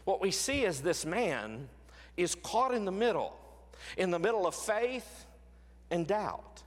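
A fairly high-voiced man preaching a sermon, earnest and measured, leaning into key phrases by slowing down and letting his voice drop. His words ring out with a long reverb that hangs in a big hall. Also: very animated. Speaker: pastor.

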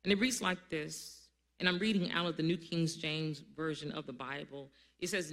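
A pastor preaching a sermon to a congregation, calling on people to answer back and building up to loud, emphatic lines. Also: medium pitch, steady tone, moderate pace, few pauses. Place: church service before a congregation.

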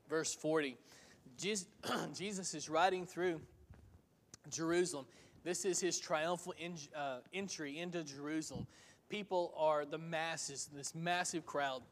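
High-voiced man preaching in a reverberant hall. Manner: conversational storytelling, lively and laughing. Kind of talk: sermon.

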